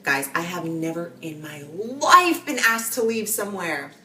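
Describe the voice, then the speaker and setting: A woman's voice: fairly low pitch, lively intonation, a little slow, pushed and bright, a little hiss or hum. A young woman vlogger telling a story in a rambling way, full of restarts and fillers. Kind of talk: casual storytelling. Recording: roomy echo, a bit far from the mic.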